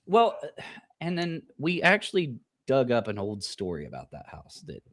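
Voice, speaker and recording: A man's voice: mid-range voice, huge pitch swings, normal speed, fairly bright tone, no room sound, studio quality. A man with a Midwestern American accent, co-hosting a paranormal podcast, telling stories in a laid-back way, swearing and laughing often. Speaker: paranormal investigator and podcast co-host. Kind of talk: casual chat.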